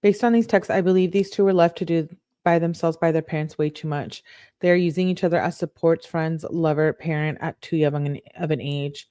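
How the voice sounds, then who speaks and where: A woman's voice: low-pitched, steady tone, fairly quick, dark tone, clear, resonant tone. A woman talking through a true crime case in a casual, conversational way, thinking aloud as she goes.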